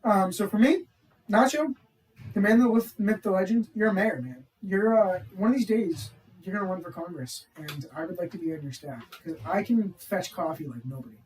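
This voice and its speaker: A man co-hosting a casual podcast chat, joking loudly, swearing and acting out other people's voices. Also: high voice, expressive, moderate pace, recorded from a distance, a little hiss or hum. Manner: loud, jokey, acts out voices, swears. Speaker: podcast co-host. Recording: roomy sound from off-mic.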